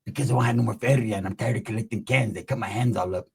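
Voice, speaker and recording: Guy doing a low tired mumbly homie, quiet, husky. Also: rapid-fire, full character voice. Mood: weary.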